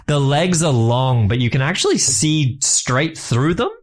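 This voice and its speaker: A man running a tabletop game as game master, describing scenes in a rambling, halting way with fillers. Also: medium pitch, expressive.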